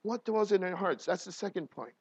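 A man in his thirties, a pastor telling personal stories in a sermon, emotional, swinging from quiet talk to loud laughing bursts. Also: sits high, expressive, fairly quick, slightly rough, dry recording, lo-fi sound.

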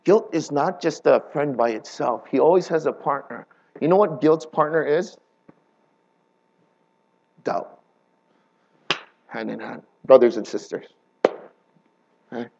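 A man preaching a sermon, swinging between hushed and impassioned and asking the audience rhetorical questions. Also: medium pitch, animated, a little slow, gravelly, pauses often, highs cut off, a little hiss or hum.

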